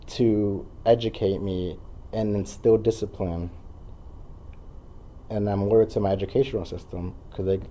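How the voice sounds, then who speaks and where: A man's voice: on the low side, mellow, slight background noise. A man in his thirties, a guest talking earnestly in casual conversation and rambling with fillers.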